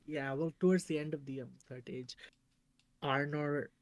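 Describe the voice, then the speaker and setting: A man with an Indian accent and a slightly higher voice chats on a livestream, expressive in cadence and quick to agree or joke. His voice sounds dry and close. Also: no echo. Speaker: podcast co-host. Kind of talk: casual livestream chat.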